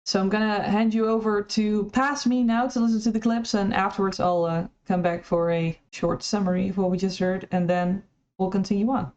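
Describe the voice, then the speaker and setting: A woman's voice: medium pitch, fairly even intonation, brisk, darkish tone, dull audio. A woman commenting critically on recorded clips in a conversational, somewhat hesitant way. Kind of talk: video commentary.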